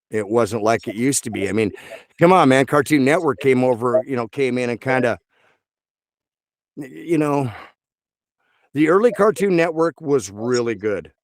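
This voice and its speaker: A man's voice: medium pitch, no echo. A man who works as a voice actor, chatting casually in an interview in a rambling way, full of fillers. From Texas. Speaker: voice actor guest.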